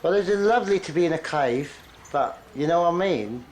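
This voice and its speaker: A man's voice: on the high side, lively intonation, brisk. Cheerful man with a patchwork of accents. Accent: mixed foreign accents picked up from tourists. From Petra, Jordan. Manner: cheerful, repeats stock phrases. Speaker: local host in a cave.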